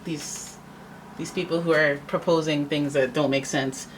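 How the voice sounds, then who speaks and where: A woman with a low, grounded voice chats her way through a tarot reading. She gets dramatic, throwing in playful little voices as she talks. A faint background hiss runs under her. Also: fairly even intonation, a little slow. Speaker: tarot reader.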